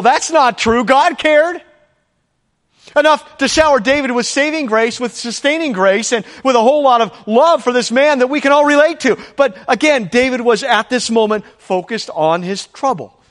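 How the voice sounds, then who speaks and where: A man's voice: extremely high pitch, a bit bright. A man preaching a sermon in an earnest, emphatic way, leaning on repeated phrases. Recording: long reverb of a large hall.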